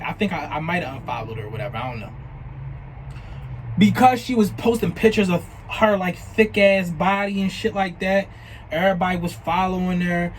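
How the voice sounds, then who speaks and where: On a poor recording with slight background noise, a young man from New Jersey vlogs about scammers who messaged him. He speaks in a high voice, animated and profane, quoting and performing the chats as he goes.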